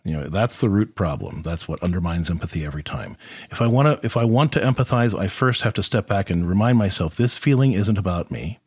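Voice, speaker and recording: A man with a fairly low voice talks listeners through advice in an animated, conversational way, often restarting and checking with "do you see the difference?" His tone is a little husky and swings widely in pitch. The recording is close and dry, with no room sound. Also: dry recording. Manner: animated, explanatory, with frequent restarts and rhetorical questions. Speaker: podcast host, therapist.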